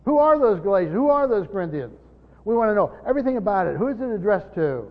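A pastor teaching a congregation in a church, speaking emphatically and firing off rhetorical questions. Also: male voice, sits high, sing-song, fast. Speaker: pastor teaching Bible study. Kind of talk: teaching sermon. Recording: dull lo-fi recording with long hall reverb.

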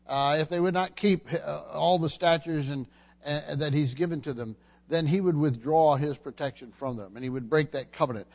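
A man preaching a verse-by-verse Bible teaching sermon, pausing often on fillers and restarting his sentences. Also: fairly high pitch. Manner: halting delivery with frequent fillers and restarts. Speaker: pastor. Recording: long hall reverb.

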